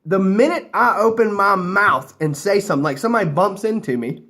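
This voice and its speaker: A man's voice: sits high, brisk, sharp tone. An American man telling a rambling story casually to camera, loose and a few drinks in. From United States. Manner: rambling, laughing, loose and chatty. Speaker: vlogger.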